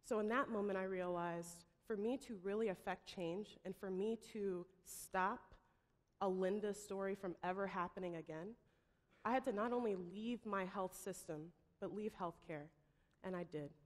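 A woman giving a pitch talk, telling a story dramatically and acting out the voices she quotes. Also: normal speed. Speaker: startup founder pitching. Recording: long hall reverb.

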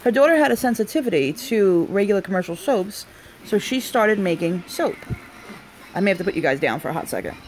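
A young woman hosting a casual live unboxing stream, chatty and excitable, often breaking off with delighted exclamations and asides to her family. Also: mid-range voice, a little fast, slight background noise. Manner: breaks off to talk to family off camera.

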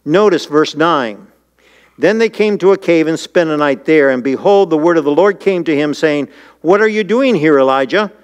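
A man preaching a sermon as pastor, reading scripture and asking the congregation questions in an earnest manner. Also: moderate pace. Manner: voice jumps high and urgent when paraphrasing scripture. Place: church.

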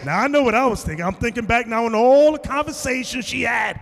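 A man preaching to a class, telling a story with lively acted-out quotes and bursts of shouting. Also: very high-pitched, fast talker, gravelly, big-room sound, slight background noise. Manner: animated storytelling, acting out quotes, shouting at times. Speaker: teacher. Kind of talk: sermon.

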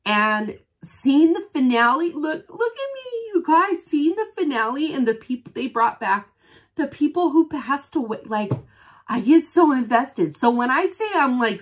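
A woman's voice: mid-range voice, a bit bright. A woman chatting casually in an unboxing vlog as a home-fragrance consultant, rambling and gushing to her viewers like a devoted fan.

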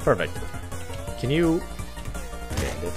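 Excitable male gamer host, wildly swooping voice, music bed under him. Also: mid-range voice, slow pace. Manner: excitable, swings from mutters to yelps and laughs. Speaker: gaming channel host. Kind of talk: let's play commentary. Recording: game music behind. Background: game music.

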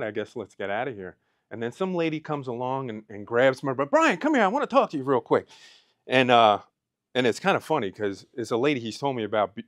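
A man's voice: lowish voice, no echo. A man in his thirties giving an emotional personal testimony speech at an event, fighting back tears as he talks. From Pennsylvania. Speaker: speaker. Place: event hall.

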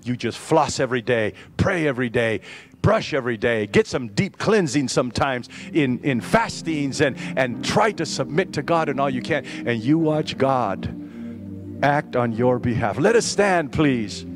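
An older man, a pastor, preaching a sermon in a church, animated and joking with some irony and many restarts. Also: mid-range voice, measured pace, music in the background. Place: church sanctuary.

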